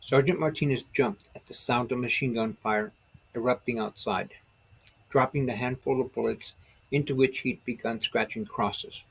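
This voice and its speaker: Man narrating his own book, steady dramatic telling, raspy, gravelly. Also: mid-range voice, moderate pace, rough recording. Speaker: author reading his own novel. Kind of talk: audiobook narration.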